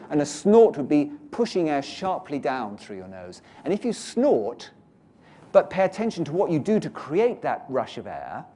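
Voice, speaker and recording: A man's voice: a little high, warm tone. A British man giving a workshop lecture to teachers, explaining and leading the audience through exercises. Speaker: teacher trainer.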